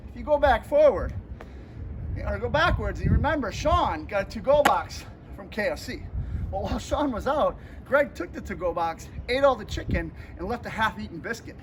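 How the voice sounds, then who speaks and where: A man with a strikingly high voice tells a story to his vlog camera in a relaxed, chatty way. He plays out the voices of the people in his story as he goes. Steady background noise runs under his voice. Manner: lively storyteller who acts out the people he quotes. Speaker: vlogger and pro wrestler. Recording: noisy ambient background.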